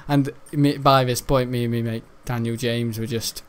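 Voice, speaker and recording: A man's voice: medium pitch, steady tone, moderate pace, smooth. A young man telling a school story while gaming, laughing often and tripping over his words. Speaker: gaming streamer.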